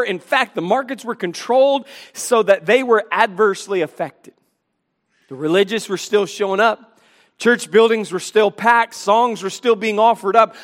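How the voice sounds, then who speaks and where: A man preaching a sermon, emphatic as he quotes and explains scripture, with a sarcastic edge. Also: high-pitched. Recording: long hall reverb.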